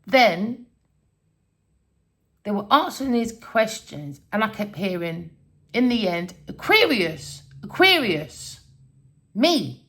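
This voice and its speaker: Gravelly, fervent woman preaching. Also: mid-range voice, expressive, takes it slowly, pauses often. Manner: preachy, swears and shouts warnings. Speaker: tarot reader. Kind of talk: spiritual monologue vlog.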